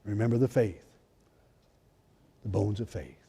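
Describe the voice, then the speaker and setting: A male pastor preaching a fervent sermon, swinging between loud exclamations and hushed, intimate lines. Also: fairly low pitch, measured pace, vocal fry, slightly rough. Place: church sanctuary. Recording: long hall reverb in a church.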